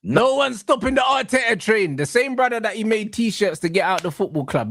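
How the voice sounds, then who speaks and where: Animated man trash-talking football. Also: sits high, fairly quick, hardly any pauses, no room sound. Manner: mocking, slangy, animated trash talk. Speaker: reaction channel co-host. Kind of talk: casual football banter.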